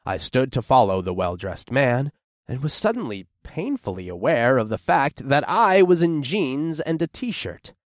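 A man reading a first-person story as an audiobook narrator, with expressive, descriptive storytelling. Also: medium pitch, measured pace, no echo, clean studio sound.

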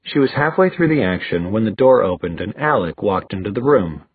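A man narrating an audiobook in an expressive, storytelling manner. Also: fairly low pitch, brisk, breathy edge, no room sound. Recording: dry, phone-like thin sound.

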